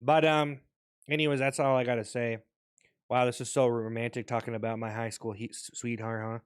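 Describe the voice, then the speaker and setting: A young man rants casually on his vlog, rambling and swearing freely as he restarts his thoughts. His voice is smooth and resonant at a mid pitch. The recording is dry and close. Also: little pitch movement, fairly quick, no echo. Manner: rambling, profane, restarts often. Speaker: vlogger. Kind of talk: casual rant.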